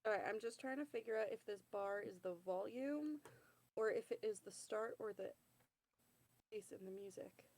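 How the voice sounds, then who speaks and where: A woman's voice: mid-range voice, moderate pace, darkish tone. A woman with asthma acting up, chatting casually on a voice call as she sets up a tabletop game as its game master.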